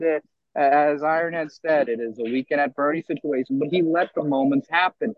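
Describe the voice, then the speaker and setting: A young man in his twenties co-hosting a sports podcast, ranting in an animated way with lots of restarts. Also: a little high, brisk, dry recording, dull audio. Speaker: podcast co-host. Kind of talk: casual sports talk.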